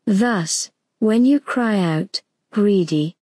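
A woman narrating a gentle bedtime story for sleep, slow and soothing. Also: medium pitch, no room sound. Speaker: audiobook narrator.

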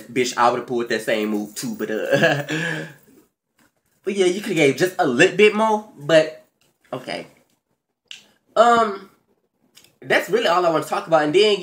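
Man vlogger, sassy and profane, casual TV recap rant with swooping pitch. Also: a bit bright. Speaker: vlogger recapping a reality show.

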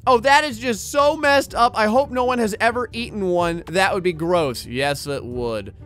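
A man giving excitable let's-play commentary on a video game, often breaking into laughter. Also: extremely high pitch, moderate pace, soft background music. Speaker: gaming YouTuber.

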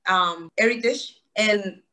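Bright Panamanian-accented woman on a call. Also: mid-range voice, takes it slowly. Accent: Panamanian Spanish. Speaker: human rights advocate. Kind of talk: casual video-call interview.

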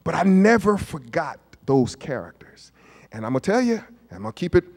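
A man, a pastor preaching a storytelling sermon, moving from hushed asides to shouted peaks. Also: high-pitched, sing-song, unhurried, gravelly, husky. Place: church sanctuary. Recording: long hall reverb of a church.

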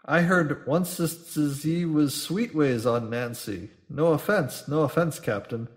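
A man's voice: on the high side, takes it slowly, pitched above the performer's own voice. A man voicing a fat, frightened old innkeeper who speaks in rustic dialect and placates nervously.

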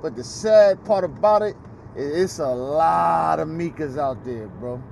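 Animated slangy man, slightly high. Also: a little slow, vocal fry, slight background noise. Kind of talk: casual chat.

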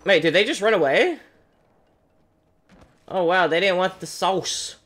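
Male gaming streamer, high voice that swings widely, playful taunting commentary, faint clicks in the background. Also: unhurried. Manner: animated, taunts enemies, talks to himself. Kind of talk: live gameplay commentary.

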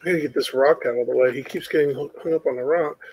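A man's voice: mid-range voice, quick pace, a little mellow, a little hiss or hum, low-quality recording. A man playing a game with friends, calling out what he sees and narrating his own moves. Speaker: co-player. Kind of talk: play-by-play gaming chat.

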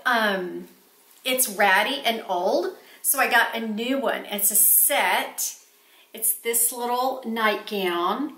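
A woman's voice: fairly high pitch, bright, forceful tone. A woman chatting to camera in her home office, gushing over the things she bought. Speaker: vlogger showing purchases. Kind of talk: casual haul chat to camera. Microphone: camera set on a small table. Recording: echoey room.

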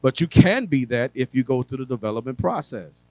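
Man preaching, quiet then loud. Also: mid-range voice, expressive, dry recording, rough recording. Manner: conversational preaching with humor and asides to the audience; swings between quiet, drawn-out phrases and loud emphasis. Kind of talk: sermon.

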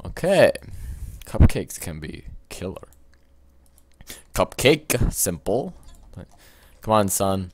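A man doing gaming commentary, excitable, yelping and shouting at what happens in the game. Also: lowish voice, slow, pauses often, noisy background. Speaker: let's play gamer.

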